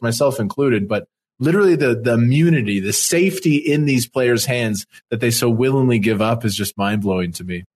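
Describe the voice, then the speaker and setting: A man co-hosting a podcast in casual chat, animated, with quick opinions and exclamations. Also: mid-range voice, slightly rough. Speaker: podcast co-host.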